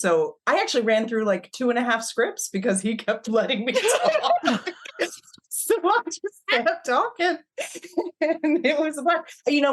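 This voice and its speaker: A woman's voice: medium pitch, a little hiss or hum. A woman podcast guest, cheerful and laughing easily as she tells her story.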